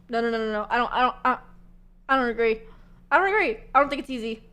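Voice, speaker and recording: A woman's voice: on the high side, lively intonation, brisk, pushed and bright. A young woman streamer chatting casually with her viewers, giggly and chatty, with plenty of fillers and swearing.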